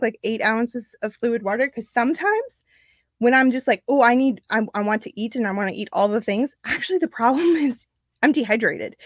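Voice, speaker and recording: A woman's voice: fairly high pitch, no echo, lo-fi sound. A woman in a casual live video, talking to her viewers with encouraging, chatty restarts and lots of "like". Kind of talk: casual Facebook live talk.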